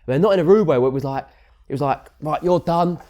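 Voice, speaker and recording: A man with a London accent describes hectic Saturdays at a jewellery counter. His voice sits mid-range and he rambles in quiet runs that keep circling back on themselves. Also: mid-range voice, lively intonation, rapid-fire. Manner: rambling, repeats words, quiet and trailing. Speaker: jewellery shop partner, guest. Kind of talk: casual podcast chat.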